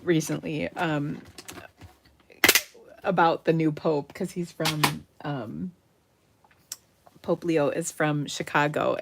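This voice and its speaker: A middle-aged woman from Minnesota hosting a live card-making demo, chatty and enthusiastic, dropping into soft muttered asides as she works. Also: low-pitched, gravelly, slight background noise. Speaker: craft livestream host.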